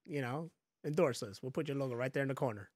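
A man's voice: mid-range voice, fast, a little mellow, breathy edge, no echo, studio quality. A man co-hosting a podcast, joking and laughing through loose, profane casual chat. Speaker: podcast co-host.

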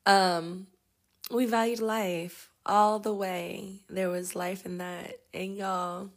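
Woman, podcast host, casual chat, chatty, quick to laugh. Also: mid-range voice. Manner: chatty, laughs often, animated. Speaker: podcast host and energetic healer. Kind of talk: casual storytelling.

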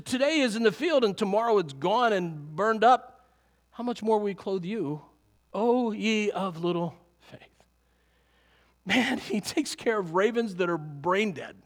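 High-voiced man preaching a sermon. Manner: animated preaching with chuckles. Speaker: pastor.

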